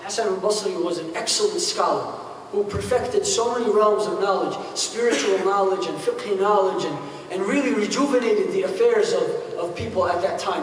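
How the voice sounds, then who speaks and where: Preacher in an echoey mosque hall. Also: male voice, high voice, a bit bright, recorded from a distance, slight background noise. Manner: storytelling with jokes and asides to the audience. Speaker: imam. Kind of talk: sermon storytelling.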